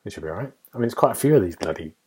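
A man's voice: fairly low pitch, animated, very fast, a crowd in the background. A man hosting a casual games podcast, talking in a wry, musing way that often trails off. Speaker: podcast host and game reviewer.

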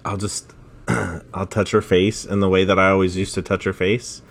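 Low-voiced guy at a tabletop game, dry self-deprecating humor. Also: little pitch movement, moderate pace, creaky. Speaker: player. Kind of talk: in-character tabletop play.

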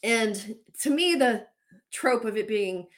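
A woman's voice: a little high, animated, slow. A woman hosting a casual chat, talking candidly and swearing now and then as she runs through what she looked up. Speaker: host.

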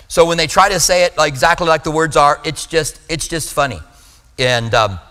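Bright-voiced man preaching in a hall. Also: fairly high pitch. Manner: conversational, with asides and self-corrections. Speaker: pastor. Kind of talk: sermon teaching.

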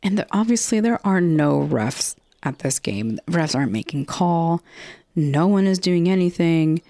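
A woman's voice: lowish voice, lively intonation, a little slow, warm tone, no room sound. A woman hosting a casual podcast recap, chatty and rambling, with frequent restarts and casual swearing. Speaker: podcast host recapping a TV episode. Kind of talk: casual chat.

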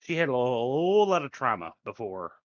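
A man chatting casually on a podcast, halting and searching for words as he talks. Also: mid-range voice, sing-song, dry recording, muffled recording. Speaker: podcast co-host. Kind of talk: casual chat.

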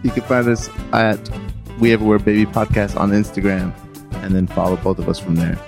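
A man co-hosting a podcast in relaxed, casual chat, laughing along with his co-host. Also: fairly low pitch, a little fast, vocal fry, music in the background.

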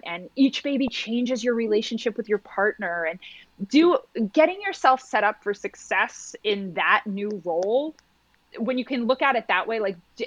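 A woman's voice: medium pitch, a bit bright, dry recording, low-quality recording. A woman who works as a postpartum doula, talking in a podcast conversation and acting out little quoted exchanges as she explains.

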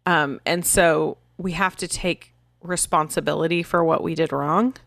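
Lively mom co-hosting a parenting podcast. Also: female voice, measured pace, creaky, no echo, clean studio sound. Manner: animated, acts out quotes in higher voice. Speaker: podcast co-host. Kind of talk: casual parenting podcast chat.

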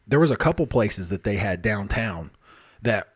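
A man's voice: on the low side, animated, normal speed. A man hosting a paranormal podcast, reading listener emails in a loose, joking way, swearing casually and sipping a beer. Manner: loose, joking, swears freely, drinks beer while talking.

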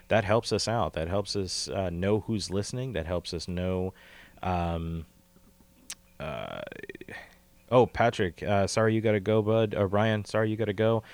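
A man's voice: low voice, a little mellow, dry recording. A man co-hosting a podcast in casual, rambling chat, swearing and laughing easily. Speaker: podcast co-host. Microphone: call recording.

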